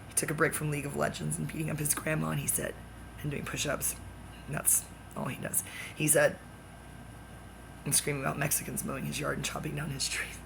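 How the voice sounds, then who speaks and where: A woman's voice: low-pitched, steady tone, fairly quick, vocal fry, background noise. A woman ranting in a rambling personal vlog, agitated and swearing, jumping from one topic to the next. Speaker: vlogger. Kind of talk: rambling personal rant to the camera.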